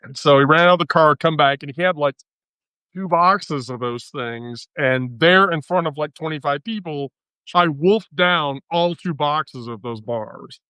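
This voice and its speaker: A woman's voice: low-pitched, measured pace, pushed and bright, clear, resonant tone, dry recording. A woman hosting a livestream, telling a profane, laughing story in casual chat with frequent laughter. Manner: bawdy, profane, laughs through her story. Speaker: livestream host.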